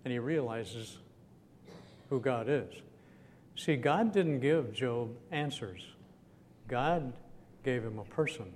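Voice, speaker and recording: Male preacher, mid-pitched, chatty teaching sermon, recorded in a reverberant hall. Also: expressive, slow, long pauses, a little mellow. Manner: chatty, asks the audience questions, chuckles now and then. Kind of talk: conversational sermon. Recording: echoey hall with faint rumble.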